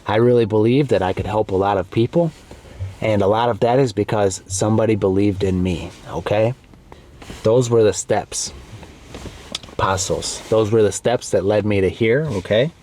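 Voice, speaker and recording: A man with a somewhat low voice gives a relaxed lesson for learners. He speaks slowly and clearly, repeats key words and keeps checking in with "okay?". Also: slight background noise. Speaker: English teacher. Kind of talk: slow, clear comprehensible-input lesson.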